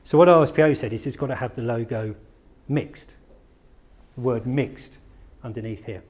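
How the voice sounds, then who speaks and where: A man's voice: mid-range voice, moderate pace, darkish tone. Man giving a chatty conference talk. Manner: conversational, asks the audience questions, self-deprecating asides. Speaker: conference speaker. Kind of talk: conference presentation. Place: conference room.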